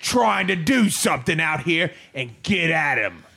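Guy putting on a gravelly scheming fake orc, sly and gossipy. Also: a little high, sing-song, measured pace, bright, forceful tone, heavily acted. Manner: conspiratorial, scheming. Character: sly male dwarf posing as an orc.

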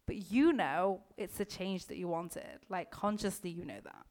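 A woman's voice: fairly low pitch, measured pace, darkish tone. A woman mindset coach giving a casual motivational talk to listeners. She leans heavily on fillers and swears freely.

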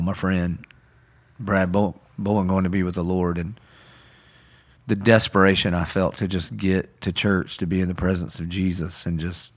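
Brief pastor man, lowish voice, earnest conversational preaching, dramatizes quotes. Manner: earnest, conversational, acts out quotes with rising intensity. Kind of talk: sermon-style podcast discussion.

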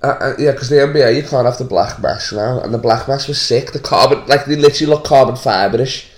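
A man's voice: medium pitch, quick pace. An Australian man hosting a comedy podcast, rambling and joking crudely in casual banter. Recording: echoey room.

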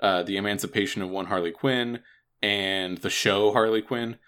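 A man's voice: fairly low pitch, fairly even intonation, normal speed, a bit bright, smooth. A man co-hosting a casual gaming podcast, rambling and restarting his words often. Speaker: podcast co-host.

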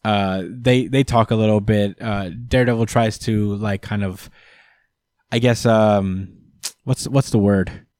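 A man's voice: on the low side, measured pace, no echo, clean studio sound. A man co-hosting a casual comic book podcast, recapping the story in a loose, rambling way. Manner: relaxed, rambling, acts out characters with put-on voices and laughs.

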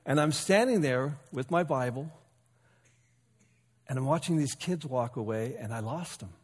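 Chatty pastor telling a story in a reverberant hall. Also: male voice, medium pitch, lively intonation, moderate pace, breathy edge. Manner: conversational, self-deprecating with chuckles. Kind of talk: sermon storytelling.

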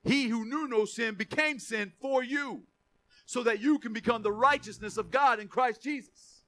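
A man preaching a sermon with passion, moving between quiet, chatty asides and raised, driving declarations. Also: extremely high pitch, normal speed.

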